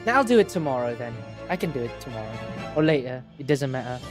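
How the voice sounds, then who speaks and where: A woman's voice: extremely low pitch, sing-song, quick pace, soft background music. A woman streaming a game, chatting casually with lots of giggles and self-deprecating asides.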